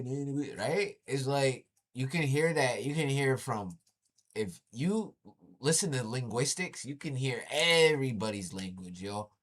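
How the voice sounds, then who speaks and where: A man casually commenting on a video he is watching, animated and slangy, often exclaiming. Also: mid-range voice.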